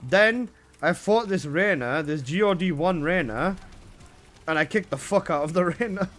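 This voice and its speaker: A man's voice: high voice, animated, normal speed, fairly bright tone. A man live streaming, chatting casually with his viewers, swearing and laughing often.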